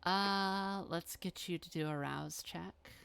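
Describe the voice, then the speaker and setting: A woman narrating a tabletop role-playing game as game master, in a relaxed, unhurried way. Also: on the low side, gravelly, clear, resonant tone. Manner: relaxed, unhurried, frequent uh fillers.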